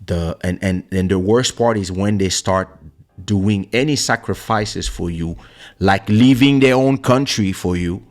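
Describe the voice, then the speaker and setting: A man hosting a casual talk show, telling personal stories in an animated way and acting out the voices of the people he quotes, into a studio microphone. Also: sits low, a little slow. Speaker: podcast host. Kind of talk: casual storytelling chat. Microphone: streaming studio microphone.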